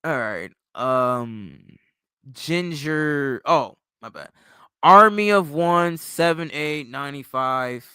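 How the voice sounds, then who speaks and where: A man's voice: fairly high pitch, animated, slow, bright, forceful tone, clean tone, no room sound, studio quality. A sleepy man hosting a late-night livestream, rambling and ranting with plenty of swearing. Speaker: livestream host.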